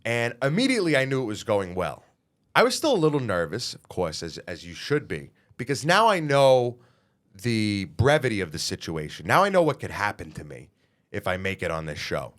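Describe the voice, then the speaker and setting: A man, a singer being interviewed, telling his story in a lively way, swearing freely and acting out what people said. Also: fairly low pitch, fairly quick. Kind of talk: animated storytelling.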